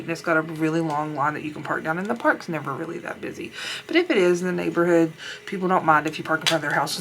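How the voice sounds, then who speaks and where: Young woman, gossipy get-ready-with-me chatter, low voice, faint room hum. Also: a bit bright. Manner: chatty, rambling, laughs often, swears casually. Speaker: beauty vlogger. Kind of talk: casual storytelling while doing makeup.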